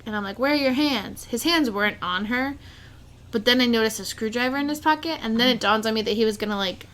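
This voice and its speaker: A woman's voice: on the high side, quick pace. A young woman co-hosting a podcast, telling a story in casual chat with lots of "like". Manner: animated, says "like" constantly. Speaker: podcast co-host.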